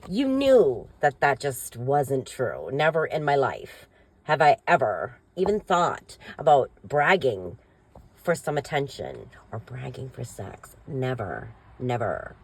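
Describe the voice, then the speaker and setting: A woman's voice: low-pitched, breathy edge. A young woman venting bitterly about an ex, indignant and swearing as she repeats herself. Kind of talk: emotional personal venting. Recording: noisy with vehicle sounds behind.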